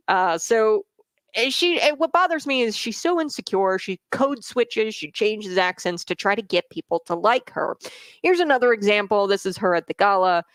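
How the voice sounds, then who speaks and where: A radio talk show host delivers opinion commentary in a gravelly, creaky voice. The host hammers the same points again and again, with many "uh" fillers. It is a dry studio sound with no room echo. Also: medium pitch. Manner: emphatic, repeats points, fillers.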